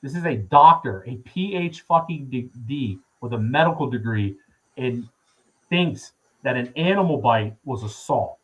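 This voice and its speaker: A man in his thirties with a husky, slightly breathy voice, sitting in as a podcast guest. He tells a long story in a loose, rambling way, full of fillers and casual swearing. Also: mid-range voice, animated, measured pace, low-quality recording. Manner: profane, rambling with many fillers.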